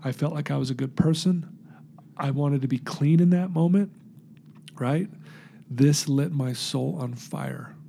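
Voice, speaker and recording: A man telling his recovery story in an interview, earnest and animated, acting out the voices in his story. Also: fairly high pitch, unhurried, creaky, pauses often, slight background noise.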